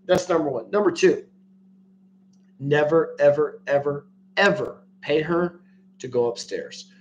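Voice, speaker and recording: A man's voice: fairly high pitch, unhurried, slight background noise, low-quality recording. A man hosting a casual livestream, talking bluntly and crudely to his viewers and laughing often. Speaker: livestream host.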